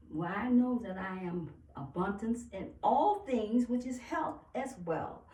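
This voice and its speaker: A woman delivers a spiritual pep talk at an unhurried pace, her words emphatic and salted with profanity and laughter. She sounds set back from the microphone in a roomy, echoing space, with her voice at a middle pitch. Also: lively intonation, warm tone. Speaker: spiritual speaker. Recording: echoey room, far from mic.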